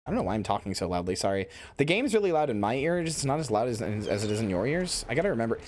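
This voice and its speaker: A man's voice: medium pitch, big pitch swings, fast, a little hiss or hum. A man streaming a game in casual commentary, rambling with many fillers and swearing into a headset mic.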